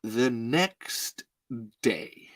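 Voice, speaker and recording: A man in the middle of his usual pitch range tells a story in a rambling, halting way. He sighs often and keeps stopping to restart his sentences, like someone trying hard not to cry. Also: expressive, a bit bright. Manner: halting, sighing, fighting back tears; many restarts and fillers, rambling. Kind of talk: casual storytelling.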